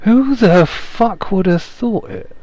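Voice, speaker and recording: A crude, swearing companion drawls his words out slowly, as a game master puts him on. The character voice is pitched clearly higher than the performer's own. The recording is dry. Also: expressive, a little mellow, no echo, heavily acted, rough recording. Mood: mocking surprise. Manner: coarse, swearing. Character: foul-mouthed, gruff companion.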